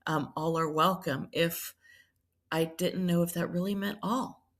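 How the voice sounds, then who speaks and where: A middle-aged woman speaks in a low, gravelly voice, sharing her story as a guest on a podcast. She talks reflectively, pausing on ums and circling back to pick up her thread. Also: fairly even intonation. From Charleston, South Carolina. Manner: reflective, many ums and restarts. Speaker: priest and nurse, guest. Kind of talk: personal storytelling in a podcast interview.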